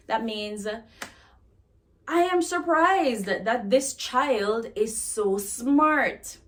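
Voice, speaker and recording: Jamaican woman, patois teacher, casual lesson, slow-paced, higher voice. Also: lively intonation. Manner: chatty, laughs at herself, slow deliberate phrasing.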